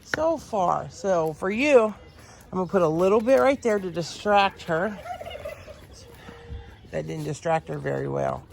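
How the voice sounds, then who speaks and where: Slow, gravelly-voiced woman on a farm. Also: expressive. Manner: talks to animals in a high sing-song voice, voices what they think. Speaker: farm vlogger. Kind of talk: casual vlog narration while doing farm chores. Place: outdoors on a farm among animals. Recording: noisy outdoor farm audio. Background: turkeys and fowl gobbling.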